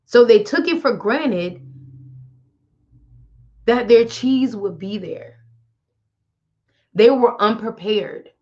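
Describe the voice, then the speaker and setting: A woman's voice: a little high, lively intonation, slow pace, pauses often, darkish tone, lo-fi sound. Blunt, chatty woman wellness host. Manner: blunt, chatty, addresses listener directly. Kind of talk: casual motivational talk.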